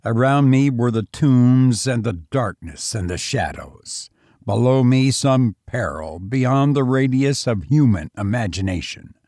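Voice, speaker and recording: A man narrating a gothic horror tale in a slow, grave, measured reading. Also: medium pitch, a little mellow, no echo, clean studio sound.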